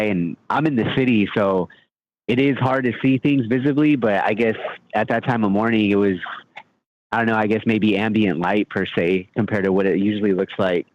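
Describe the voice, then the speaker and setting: Hesitant male caller on a dull phone line. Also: fairly low pitch. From United States. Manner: hesitant, many fillers, rambling. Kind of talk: phone-in call.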